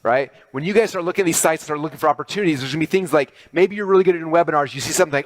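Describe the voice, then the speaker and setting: A middle-aged man giving an animated business talk to an audience, talking quickly and excitedly with many fillers and restarts. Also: on the high side, no room sound. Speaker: speaker presenting to an audience.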